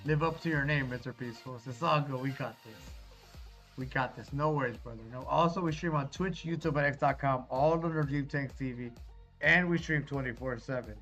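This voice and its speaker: Reading out chat on a live stream, this man stays relaxed and comforting, addressing everyone as brother. He speaks fairly quickly in a mid-range voice with a fairly bright tone, over dull lo-fi audio carrying faint music.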